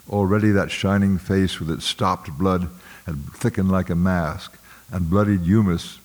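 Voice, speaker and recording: A man narrating a literary novel aloud in a measured, somber manner, now and then clearing his throat. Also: sits low, darkish tone. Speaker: audiobook narrator.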